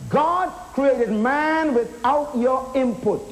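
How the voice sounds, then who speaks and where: A man's voice: extremely high pitch, sing-song, a little slow, slight background noise, rough recording. A man preaching a sermon in an auditorium, emphatic, asking rhetorical questions and calling the crowd to respond.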